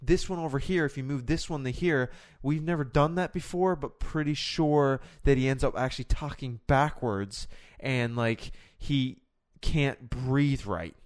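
A man's voice: medium pitch, a little slow, hardly any pauses, no echo, clean studio sound, close to an everyday voice. A man putting on a careless rambling surgeon. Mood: offhand. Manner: put-on accent, offhand rattled-off warnings. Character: rambling careless male surgeon teaching a trainee.

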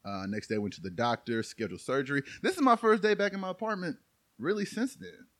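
A man's voice: fairly high pitch, fast, a bit bright, no echo. A young man casually telling a story on a podcast while recovering from an injury, laughing often between lines. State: recovering from an Achilles tear. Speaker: podcast co-host. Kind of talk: casual chat.

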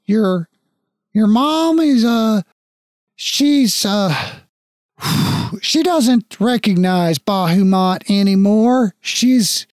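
A man doing an old dragonborn father, high and halting. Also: no room sound, studio quality. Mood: awkward. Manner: emotional, halting, high-pitched. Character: aged burly dragonborn father, overjoyed.

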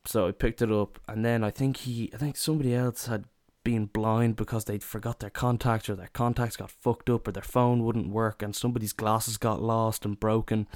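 A man's voice: on the low side, darkish tone, dry recording, clean studio sound. A young man telling a comic holiday anecdote in a loose, casual way, swearing freely and acting out the lines of people in his story. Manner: swears a lot, acts out quotes in raised voices.

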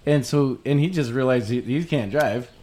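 A man's voice: mid-range voice, moderate pace, warm tone, slight background noise. A man co-hosting a podcast, telling a long rowdy story in casual chat, acting out the quotes and swearing freely. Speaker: podcast co-host.

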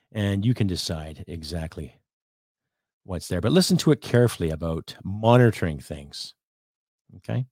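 A man's voice: deep voice, darkish tone, dry recording, clean studio sound. Swearing, sarcastic Canadian male podcaster. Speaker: podcast host. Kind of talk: ranting podcast monologue.

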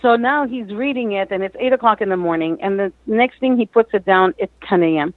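A woman, a mindset coach and author, telling her story as an interview guest, lively and acting out quotes with frequent restarts. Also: mid-range voice, a little fast, dry recording, poor audio.

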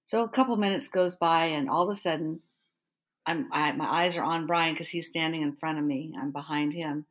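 A woman's voice: deep voice, normal speed. A middle-aged woman, a pastor and author, telling a personal story in an interview and acting out the dialogue and her own thoughts. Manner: animated, acts out remembered inner thoughts and dialogue.

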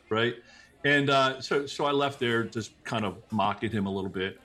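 A middle-aged man, a podcast guest, telling personal stories in a casual, animated way, with many restarts and quick asides. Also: mid-range voice. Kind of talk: casual conversational storytelling.

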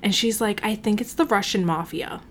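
A woman's voice: medium pitch, normal speed. A woman co-hosting a podcast, telling a story in casual chat, swearing often and acting out what people said. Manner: animated storytelling, swears often, acts out quotes. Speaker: podcast co-host.

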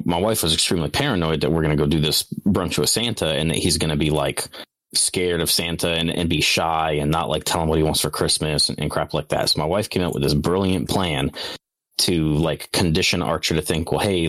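A man's voice: rumbling low, fairly even intonation, fairly quick, fairly bright tone, no room sound. A young man chatting casually on a podcast, rambling through funny family stories with frequent swearing and laughter. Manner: rambling, swearing storyteller who laughs a lot. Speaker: podcast co-host. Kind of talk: casual chat.

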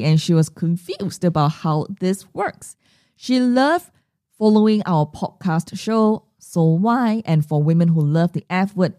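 A middle-aged woman hosts a solo podcast. Her voice is warm and mellow, her pitch swings widely as she acts out quoted voices, and the sound is dry and close. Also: no echo. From Singapore. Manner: animated storytelling, acting out quoted voices. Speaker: podcast host and money mindset coach.

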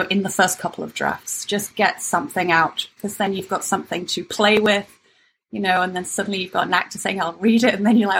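Gravelly-voiced woman writer, candid. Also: medium pitch, fairly bright tone, slight background noise, rough recording. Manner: candid, self-deprecating, laughs easily. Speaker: writer and actor, guest. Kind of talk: conversational interview.

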